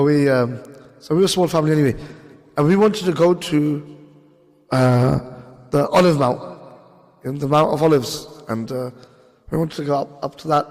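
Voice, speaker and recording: A man's voice: on the high side, darkish tone. A man giving a conversational, story-driven sermon in a mosque, mixing in Urdu and Arabic phrases. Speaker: speaker giving a talk at a mosque. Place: mosque hall. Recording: echoey mosque hall.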